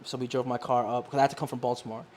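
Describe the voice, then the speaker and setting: Her voice is very deep and very fast, with a touch of background noise behind it. This young adult guest relaxes on a couch in a living room, chatting casually, laughing a lot and performing the voices of people in her stories.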